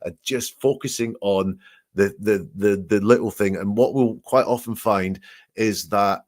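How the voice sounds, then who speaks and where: A man's voice: fairly low pitch, unhurried, darkish tone. A man working as a statement analysis expert, reading quoted testimony aloud and picking apart the word choices in analytical commentary.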